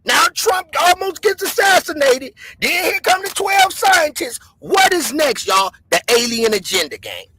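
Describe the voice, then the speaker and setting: A man hosting a show, telling stories in an excitable, animated way and talking straight to his viewers. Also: extremely high pitch, a little slow, hardly any pauses, no echo, low-quality recording. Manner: excitable, calls the audience "y'all" and "gang". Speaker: host.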